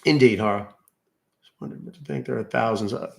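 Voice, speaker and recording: A man's voice: lowish voice, fast, vocal fry, echoey room. A man with a Southern American accent hosting a livestream, chatting casually with viewers, full of fillers and asides. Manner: chatty, drawling, many fillers. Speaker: livestream host. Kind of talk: casual livestream chat reading comments.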